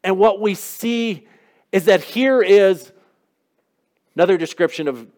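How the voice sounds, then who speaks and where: A man's voice: sits high, unhurried, darkish tone. A man preaching a sermon, asking the congregation questions in an emphatic way. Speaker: pastor.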